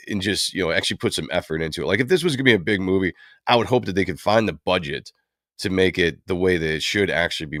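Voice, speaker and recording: A man's voice: sits low, fairly bright tone, dry recording, clean studio sound. A man hosting a livestream, talking casually and at length, rambling with many fillers. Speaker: livestream host. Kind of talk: casual commentary on comic book films.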